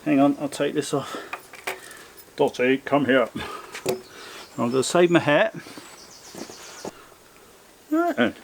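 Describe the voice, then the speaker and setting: A man chatting casually as a bushcraft vlogger in his garden, rambling and self-mocking, often slipping into high coaxing talk for his pets. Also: unhurried, creaky, long pauses. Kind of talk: casual chat while working outdoors. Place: home garden outdoors. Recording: noisy outdoor garden recording.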